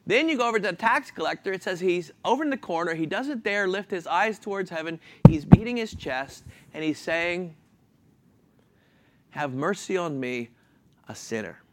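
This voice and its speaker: Over background noise, a high-pitched man preaches at normal speed, questioning the congregation and answering on their behalf. He sounds animated and keeps chuckling.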